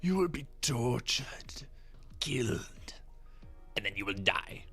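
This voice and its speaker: A menacing old male emperor, as a man puts him on, dropping well below his normal pitch into a hushed, half-whispered drawl. Every word is slow and deliberate, full of quiet threat. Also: expressive, vocal fry, slightly rough, soft background music, full character voice.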